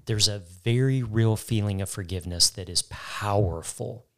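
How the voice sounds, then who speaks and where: A man's voice: on the low side, normal speed. A man co-hosting a faith talk, telling a personal story earnestly and repeating key phrases for emphasis. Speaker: co-host.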